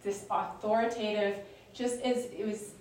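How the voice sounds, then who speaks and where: A woman's voice: medium pitch, steady tone, unhurried, a little mellow. A woman leading a Bible study, explaining scripture in a chatty, conversational way with frequent fillers and restarts. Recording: echoey room, distant mic.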